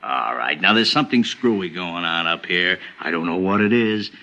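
An actor playing a blunt, skeptical police sergeant in a 1940s radio drama, gruff and sardonic. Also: male voice, low-pitched, lively intonation, normal speed, pushed and bright, dull audio, exaggerated voice.

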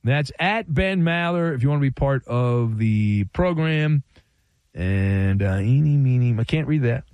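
A man's voice: medium pitch, animated, a little slow, a little mellow, smooth, dry recording. A man hosting a call-in sports talk radio show, delivering a playful, wry monologue full of rhetorical flourishes.

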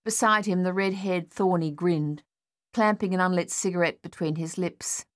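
This is scripted audiobook narration by a woman whose pitch sits fairly low. She tells the story at an even, measured pace.

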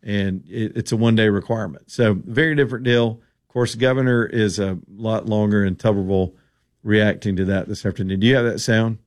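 A man's voice: fairly low pitch, brisk. A man hosting a radio talk show, giving casual political commentary in an opinionated, rambling way with sarcastic asides.

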